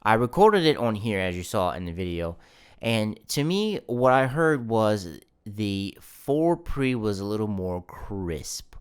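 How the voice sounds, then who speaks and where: Low, smooth-voiced man explaining his gear. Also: measured pace. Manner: relaxed, explanatory, loose and conversational. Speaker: musician reviewing his audio gear. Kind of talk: casual gear review to camera. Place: home studio with a guitar amp. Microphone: studio microphone through an audio interface.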